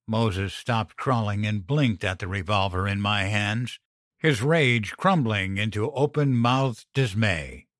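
A man reads a dark first-person horror tale in a low voice, taking his time over every line. His delivery is measured and grim. The sound is dry and close to the mic. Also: dry recording. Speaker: narrator.

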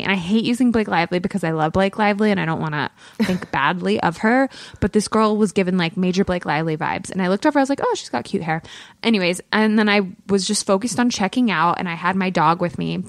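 A woman's voice: lowish voice, dry recording. A woman co-hosting a podcast, telling a story in casual chat full of fillers. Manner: chatty storytelling, many fillers. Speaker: podcast co-host.

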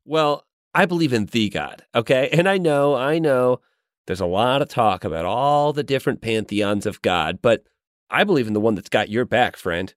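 A man's voice: lively intonation, no room sound, clean studio sound, natural voice. A man doing a slick, charming pastor guru. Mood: smarmy. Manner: oily, overly friendly, drawn-out pitchman delivery. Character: smooth-talking charismatic male self-help pastor. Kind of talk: improvised comedy role-play.

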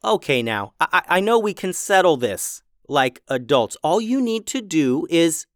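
A woman's voice: lowish voice, very animated, measured pace, dry recording, studio quality, voice pushed up. A man voicing a determined young woman chef who talks earnestly but gets fed up and bossy. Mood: confronting.

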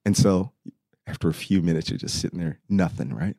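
A man's voice: deep voice, fairly quick, no room sound, studio quality. Laughing middle-aged male storyteller. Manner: lively, laughs often, acts out quoted dialogue. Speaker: podcast guest. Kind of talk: animated war storytelling.

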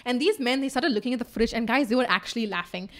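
Young woman, podcast host, casual storytelling, very fast, slightly high voice, excitable, swearing.

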